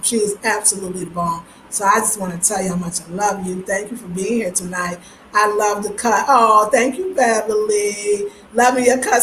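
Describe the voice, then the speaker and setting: A woman's voice: on the high side, a little hiss or hum. A middle-aged woman hosting a casual livestream, greeting viewers by name and speaking bluntly and emotionally about respect. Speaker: livestream host. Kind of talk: casual live-stream chat. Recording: roomy echo.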